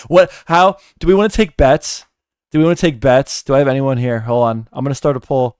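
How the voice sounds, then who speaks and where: A man's voice: mid-range voice, a little fast, darkish tone, smooth, dry recording, studio quality. A man hosting a casual reaction stream, rambling and incredulous, swearing freely. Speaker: streamer host.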